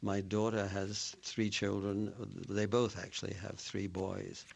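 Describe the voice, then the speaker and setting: Gravelly older man telling anecdotes. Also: lowish voice, monotone, unhurried. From Scotland. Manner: rambling, anecdotal, restarts often. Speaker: actor and author, guest. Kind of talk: radio interview conversation.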